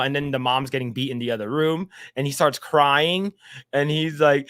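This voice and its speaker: A man's voice: mid-range voice, steady tone, brisk, a bit bright, dry recording. A man co-hosting a podcast, recapping a show in casual, profane chat and acting out the scenes in little voices. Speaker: podcast co-host.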